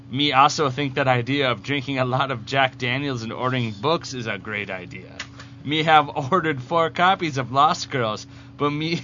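A man's voice: medium pitch, sharp tone, a little hiss or hum, natural voice. A man reading a listener's letter in the voice of Bizarro, a dim-witted backwards male supervillain, speaking in broken grammar. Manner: broken grammar, calls himself "me". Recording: dull lo-fi podcast audio.

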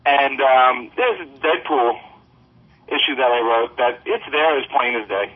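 A man with a husky, slightly breathy voice tells bawdy stories with a laugh in his voice. His voice comes through dull and lo-fi, like a phone line. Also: medium pitch, a little slow. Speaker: comic book writer guest. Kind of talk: casual podcast chat.

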